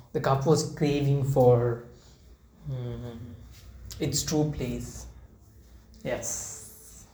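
A mellow, mid-range voice belongs to a young football fan rambling in an emotional, unscripted vlog, repeating words and almost crying. The recording sounds roomy and echoey, with faint ambient noise.

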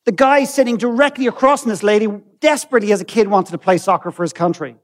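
An Irish man speaks from a stage, telling a story from his work and voicing the people in it. His voice sits high for a man. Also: fast. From Ireland. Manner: storytelling, acting out dialogue. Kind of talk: storytelling talk.

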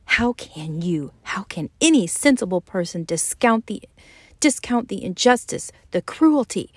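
A woman's voice: medium pitch, big pitch swings, a little slow, breathy edge, dry recording, studio quality. A woman reading aloud as an indignant young widow who argues with heat and moral force. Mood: outraged. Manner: indignant and heated.

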